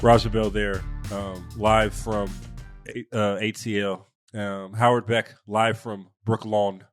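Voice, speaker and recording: A man hosting a sports podcast, chatting loosely with friends, with casual swearing and animated banter. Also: lowish voice, slow pace, faint music behind. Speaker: podcast host. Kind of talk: casual chat.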